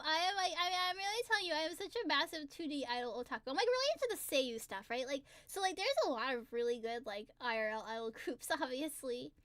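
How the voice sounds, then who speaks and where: Young woman, very high voice, giggly, gushing livestream chat, dry close sound. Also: fairly bright tone, no room sound. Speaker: singer-songwriter streamer.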